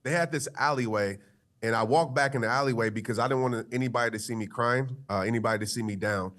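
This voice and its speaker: A man's voice: medium pitch, fast, fairly bright tone. A male motivational speaker with a mid-range voice tells a personal story. He talks in an earnest, loose, conversational way, with plenty of fillers as he goes. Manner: earnest, conversational, frequent "you know" fillers.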